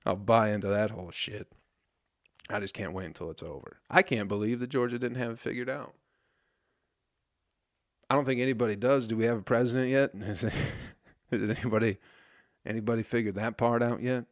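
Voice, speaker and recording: A man's voice: mid-range voice, fairly even intonation, brisk, long pauses, no room sound, studio quality. A man in his thirties, a podcast host, ranting casually in a profane, rambling and sarcastic way. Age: 30s. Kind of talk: casual solo rant.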